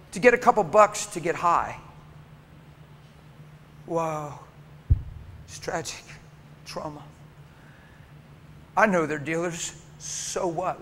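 Fiery preacher man with a high, bright voice. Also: slight background noise. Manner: impassioned storytelling with frequent laughter. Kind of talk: sermon.

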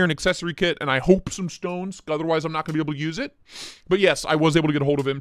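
A man's voice: on the high side, a bit bright, dry recording, studio quality. A man hosting a casual live stream, joking and swearing as he greets viewers by name. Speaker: livestream host.

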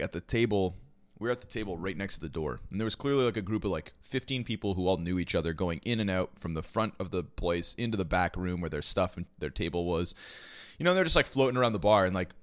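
A young man from Quebec, Canada, who works as an esports caster and podcast host, tells a loose, meandering story in a low-pitched voice. The recording is dry, and he swears freely while padding his speech with "like" and "you know."

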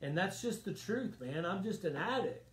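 Pastor, man, fairly high voice, earnest repeating delivery, roomy church echo. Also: expressive, moderate pace. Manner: earnest, emphatic, repeats phrases. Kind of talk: sermon. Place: church sanctuary.

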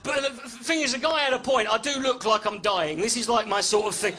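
A man's voice: very high voice, a little fast, sharp tone. A man doing a stand-up comedy set on a club stage into a handheld mic, sardonic, sweary and self-mocking. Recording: echoey live venue with crowd laughter.

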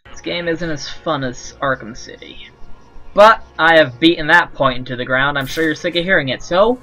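A man's voice: fairly high pitch, moderate pace, pushed and bright, soft background music, low-quality recording. A man giving casual gameplay commentary, rambling, sarcastic and swearing as he complains. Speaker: let's play gamer.

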